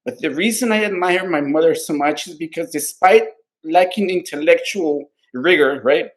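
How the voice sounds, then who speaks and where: A man talks through his ideas on a casual podcast in a voice pitched a touch high. He rambles earnestly, swearing often and looping back with "right?" as he reaches for the next thought, openly heartfelt about what he cares for. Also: moderate pace. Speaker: podcast co-host. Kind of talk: casual political podcast discussion.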